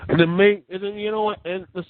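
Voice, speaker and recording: A man's voice: high-pitched, steady tone, quick pace, dry recording. A man giving a casual, rambling rant as a wrestling reviewer, incredulous and full of restarts. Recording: tinny phone-like sound.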